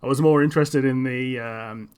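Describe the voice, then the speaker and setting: A man's voice: mid-range voice, fairly even intonation, moderate pace, darkish tone, clean tone. A man co-hosting a podcast in casual chat, laid-back and agreeable, filling in details about the show. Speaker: podcast co-host.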